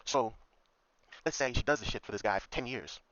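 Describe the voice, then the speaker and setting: Medium in pitch, brisk, and a bit bright, this man's voice has no room sound. He's a commentary vlogger on a profane, repetitive rant who keeps asking "okay?" The dry recording sounds dull and lo-fi.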